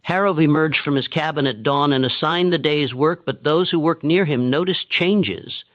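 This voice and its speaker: Man narrating a dark historical tale. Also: a little high. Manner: steady, measured storytelling. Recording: dull, dry, lo-fi sound.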